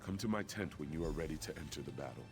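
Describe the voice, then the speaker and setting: A man's voice: very deep voice, animated, quick pace. An actor playing an earnest young warrior prince who speaks formally and urgently to his brother in a video game. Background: game music.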